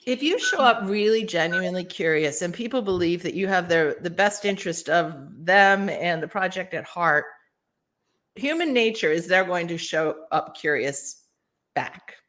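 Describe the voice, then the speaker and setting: A woman speaks as a guest on an interview podcast, her voice swooping up and down in a lively way. She explains her points with animation and slips into acted-out example phrases. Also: lowish voice, normal speed. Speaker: podcast guest, workplace author. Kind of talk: casual interview advice.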